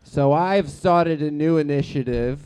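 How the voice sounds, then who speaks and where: A man's voice: on the high side, unhurried, mellow, clean tone, natural voice. A man in improv comedy playing a brash, crude working-class guy who rambles and swears. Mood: ranting.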